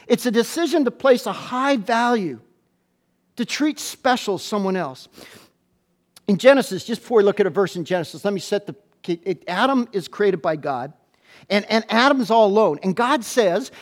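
Male pastor, church sermon, strikingly high-pitched voice, playful, animated delivery, stuttering restarts. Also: normal speed. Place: church, speaking to a congregation.

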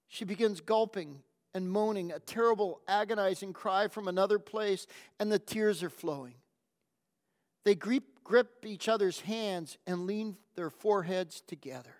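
A man preaching a sermon, telling a story in a slow, gentle, reflective way. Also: sits high. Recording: long hall reverb.

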